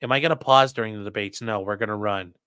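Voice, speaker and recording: A man's voice: fairly low pitch, fast, sharp tone, clear, resonant tone, dry recording, clean studio sound. A man hosting a live stream, giving blunt, profane, mocking commentary to his chat. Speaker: streaming host.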